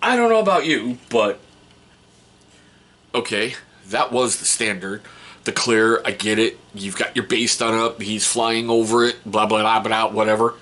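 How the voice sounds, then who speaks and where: A man hosting a casual hobby vlog, rambling and excitable, and swearing casually. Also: lowish voice, unhurried. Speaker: hobby channel host.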